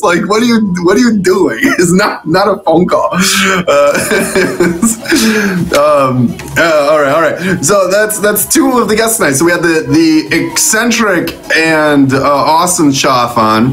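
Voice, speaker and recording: Lively playful male stream host. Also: on the high side. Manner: playful, laughs at himself, fills with "um" and "uh". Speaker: show host. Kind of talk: casual live-stream interview.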